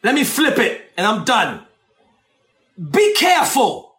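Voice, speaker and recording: A man preaching a sermon, shouting and dramatic, with asides to the congregation. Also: high-pitched, huge pitch swings, slow pace, reverberant.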